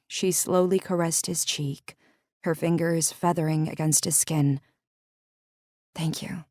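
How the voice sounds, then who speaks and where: A woman narrating a romance audiobook in a measured, intimate storytelling manner. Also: deep voice, darkish tone, no echo, clean studio sound.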